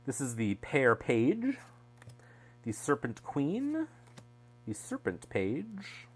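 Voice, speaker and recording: A man's voice: medium pitch, huge pitch swings, slow pace, soft background music. A man casually chatting through a deck unboxing, wry and digressive, often trailing off mid-thought. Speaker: tarot deck reviewer. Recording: mains hum underneath.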